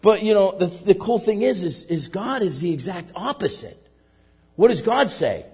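A male pastor preaching a sermon with animated energy. He acts out little scenes and keeps asking "right?" and saying "man.". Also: sits high, unhurried, husky, in a large hall.

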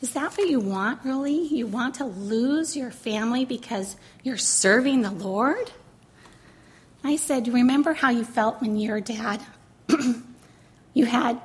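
A middle-aged woman sharing a personal testimony in a sermon, earnest and emotional, drawing words out slowly for emphasis. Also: fairly high pitch. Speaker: pastor's wife speaking to a congregation.

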